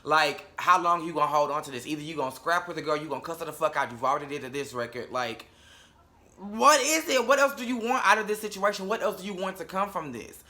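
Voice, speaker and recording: Young male reviewer, sassy and blunt, very bright and fairly high voice. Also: animated, quick pace. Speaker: reality TV reviewer. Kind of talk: casual episode review.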